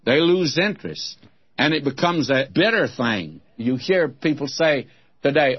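A man's voice: a little high, lively intonation, unhurried, breathy edge. An older man teaching the Bible in a folksy, emphatic way, calling his listeners friends, on a dull old broadcast recording.

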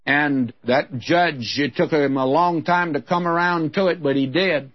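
A man's voice: a little high, measured pace, highs cut off. A man giving a sermon as a Bible teacher, in a frank, folksy, conversational way.

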